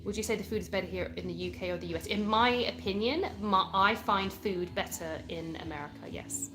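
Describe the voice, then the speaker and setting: A woman's voice: medium pitch, fairly quick, music in the background. Chatty British woman hosting a live stream. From England. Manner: chatty, reads viewer comments aloud and answers them. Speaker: livestream host. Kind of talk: casual live chat reading comments.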